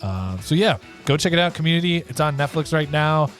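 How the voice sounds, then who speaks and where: A man's voice: on the high side, big pitch swings, faint music behind. A man co-hosting a podcast in casual chat, loose and talkative, drawing out his sign-off. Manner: chatty, loose, sign-off drawn out slowly. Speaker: podcast co-host.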